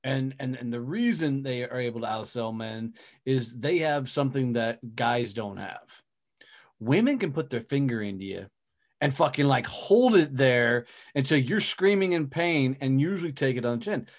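A man's voice: medium pitch, expressive, moderate pace. A man hosting a podcast interview, talking casually and emphatically and swearing freely. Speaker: podcast host.

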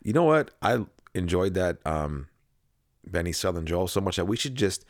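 A man co-hosting a podcast, trading jokes in deadpan banter. His voice is very deep and gravelly. It is recorded close and dry, with no room sound. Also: normal speed, no room sound. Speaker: podcast co-host. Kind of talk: casual chat.

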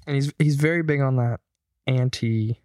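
A man's voice: medium pitch, moderate pace, darkish tone, smooth, no echo, studio quality. A young man co-hosting a podcast, telling stories loosely and swearing freely in casual chat. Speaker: podcast co-host.

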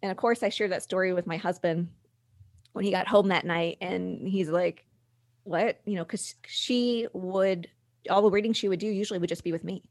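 Low-voiced woman recounting family struggles. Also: fairly even intonation, darkish tone, dry recording, clean studio sound. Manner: candid, halting with restarts, acts out quoted voices. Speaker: guest. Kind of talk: conversational podcast interview.

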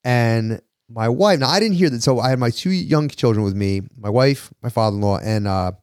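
Podcast host, thirties, animated storyteller who voices his quotes, dry close sound. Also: mid-range voice, normal speed, clear, resonant tone, dry recording. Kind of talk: casual storytelling.

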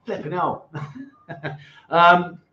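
A man's voice: sits high, little pitch movement, drawn-out words. A man hosting a casual livestream chat show, reading out viewer donations and teasing his guests. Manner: jokey, teasing, repeats himself. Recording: echoey, dull livestream audio.

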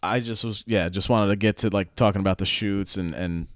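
A man hosting a casual interview, relaxed and quick to laugh, with short friendly replies. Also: fairly low pitch, no echo, studio quality. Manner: relaxed, laughs easily, brief backchannels. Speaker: podcast host.

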